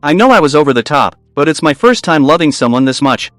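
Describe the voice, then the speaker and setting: Devoted popular teen boy, a guy reading him out in a recap, fairly high voice, dry sound. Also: big pitch swings, fast talker, a bit bright, dry recording, soft background music. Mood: earnest. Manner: plain reading of quoted lines.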